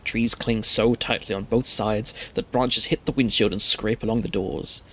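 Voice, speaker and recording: A man streamer narrating a scary story in a steady, measured reading. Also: lowish voice, slight background noise.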